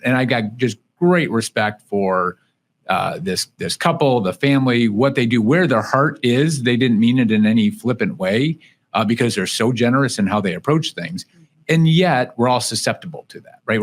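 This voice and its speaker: Podcast host: man, mid-pitch, thoughtful, reflective, conversational. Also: lively intonation, normal speed. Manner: thoughtful, reflective, with frequent "right?" asides.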